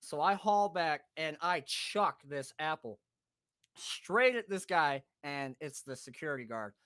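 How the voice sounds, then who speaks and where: A podcast host spins a rowdy tale with lots of cursing, bursts of laughter and quick impressions of his buddies. His voice sits a bit high for a man and has a bright, forceful edge. The sound is dry and close, with no room around it. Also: clear, resonant tone, no room sound. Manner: animated, swearing, laughing, acting out friends' voices. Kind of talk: casual storytelling.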